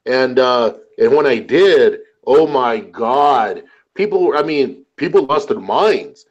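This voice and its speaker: A man in casual chat, telling animated stories, swearing often and saying "man" a lot. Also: mid-range voice, slow, highs cut off.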